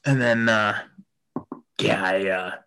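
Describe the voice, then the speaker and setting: A man hosts a podcast in loose, casual chat. His talk wanders, is full of swearing and filler words, and is broken up by quick laughs. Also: on the low side, vocal fry, sharp tone. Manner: rambling, swears a lot, many fillers and laughs. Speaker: podcast host.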